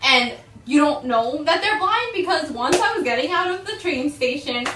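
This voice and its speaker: Bright, high-voiced young woman, blunt. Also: lively intonation, normal speed. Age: young adult. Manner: blunt, teasing. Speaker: guest. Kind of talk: casual storytelling chat. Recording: echoey room, mic far off, faint noise.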